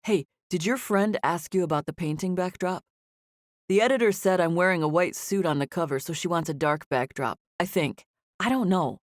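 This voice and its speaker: A woman voicing an eager, friendly young male actor in an audiobook, talking quickly. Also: on the low side, no echo, clean studio sound, lightly acted.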